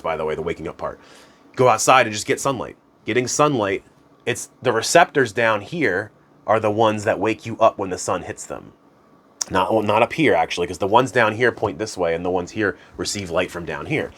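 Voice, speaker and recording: Guy w a lowish voice teaching third eye stuff, casual, rambly, laughs at himself. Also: a bit bright. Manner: chatty, rambling, laughs at himself, goes off on tangents. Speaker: spiritual self-improvement teacher. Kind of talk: casual instructional talk to camera.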